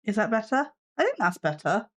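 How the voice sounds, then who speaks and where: A woman's voice: a little high, big pitch swings, brisk. A woman hosting a casual live stream from her desk at home, chatting with viewers and her cat with a sarcastic, self-mocking humor.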